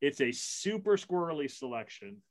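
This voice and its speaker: Middle-aged man, fairly high voice, casual podcast chat, rambling storyteller, self-deprecating, lots of restarts. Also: sing-song, moderate pace. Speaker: podcast co-host.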